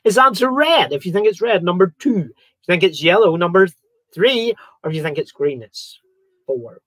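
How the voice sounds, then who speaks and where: Chatty quiz host. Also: male voice, high voice, animated, moderate pace, fairly bright tone, dry recording. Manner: chatty, reads out viewer comments and jokes around. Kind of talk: live-streamed quiz chat.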